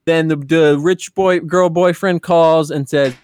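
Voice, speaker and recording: A man co-hosting a podcast in casual chat, excitably retelling a story and often breaking into laughter. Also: on the high side, measured pace, smooth. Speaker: podcast co-host.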